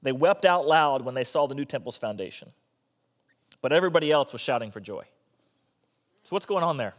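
A man's voice: medium pitch, animated, fairly quick. A male pastor preaching a sermon in a conversational style with joking asides.

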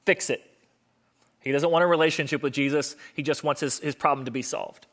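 A man's voice: a little high, steady tone, fast talker, fairly bright tone. A man, a pastor, preaching a sermon in an earnest, conversational storytelling manner.

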